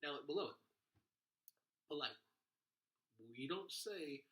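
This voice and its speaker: A man's voice: medium pitch, animated, a little slow, long pauses, bright, forceful tone, echoey room, low-quality recording. A male teacher patiently walking children through a phonics lesson step by step.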